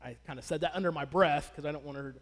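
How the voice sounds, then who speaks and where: A man's voice: fairly high pitch, steady tone, fast. A man in his thirties telling a personal story to an audience, chatty and asking them questions. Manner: conversational, asks the audience questions. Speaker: speaker addressing an audience. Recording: long hall reverb.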